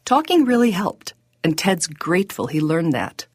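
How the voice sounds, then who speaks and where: A woman hosting a podcast, reading scripted narration in a measured, reflective way. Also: on the low side, very animated, a little mellow, slightly rough, dry recording. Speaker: podcast host.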